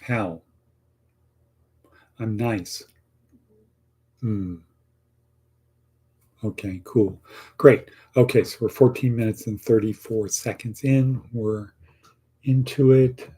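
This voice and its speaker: Middle-aged male coach, mellow and husky, casual teaching tone. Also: medium pitch, steady tone, takes it slowly, long pauses. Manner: coaching, acts out sample answers, repeats lines for emphasis. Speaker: teacher of a career class. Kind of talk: casual online lesson.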